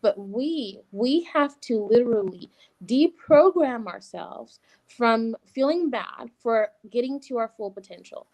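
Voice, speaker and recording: A woman's voice: a little high, unhurried, poor audio. Upbeat woman podcast host. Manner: animated, affirming, says "like" and "right?" often. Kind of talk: casual chat.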